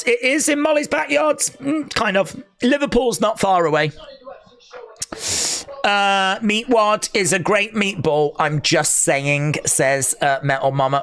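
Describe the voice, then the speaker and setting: A man from England hosting a live fight watch-along stream, chatting casually, reading out viewers' comments and breaking into excited cheers. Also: high voice, takes it slowly, a little hiss or hum.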